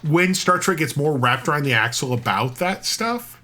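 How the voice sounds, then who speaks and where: A man co-hosting a podcast in casual chat, animated and rambling, with frequent restarts and casual swearing. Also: a little high, moderate pace. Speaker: podcast co-host.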